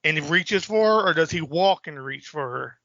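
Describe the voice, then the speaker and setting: A man's voice: fairly high pitch, expressive, normal speed, vocal fry, sharp tone, dry recording, muffled recording. A man co-hosting a podcast, loosely retelling film scenes in casual chat and swearing freely. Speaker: podcast co-host.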